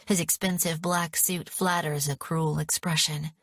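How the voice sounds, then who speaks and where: Woman narrator, first-person audiobook, unhurried, lower voice. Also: steady tone, a bit bright, no echo, clean studio sound. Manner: measured, dramatic.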